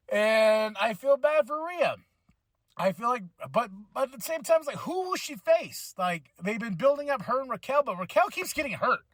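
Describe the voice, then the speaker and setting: A man hosting a podcast, rambling and excitable as he reviews a wrestling event, swearing freely and acting out his own reactions. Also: sits high, normal speed, no echo. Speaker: podcast host.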